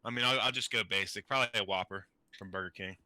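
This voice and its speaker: Bright-voiced man, dry close sound. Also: sits low, fast, dry recording. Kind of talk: casual chat.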